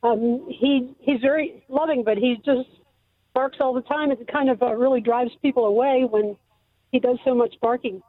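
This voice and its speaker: High-voiced hesitant woman on a phone line. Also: steady tone, normal speed, no room sound. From Delaware. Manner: hesitant, with many ums. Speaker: caller. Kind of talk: call-in radio question. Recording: tinny dry phone line.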